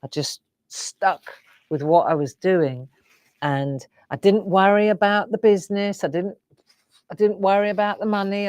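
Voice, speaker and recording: A woman's voice: medium pitch, a little mellow, no echo, clean studio sound. A middle-aged woman, hosting a live craft show and musing in a rambling, reflective way while tearful. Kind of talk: casual live-stream chat.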